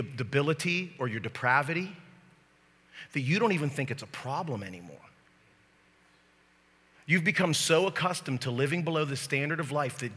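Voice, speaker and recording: Sharp-voiced man preaching in echoing hall. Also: fairly high pitch, husky. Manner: lively, joking, talks straight to the crowd. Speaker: pastor. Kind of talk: sermon. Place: church sanctuary. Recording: long hall reverb.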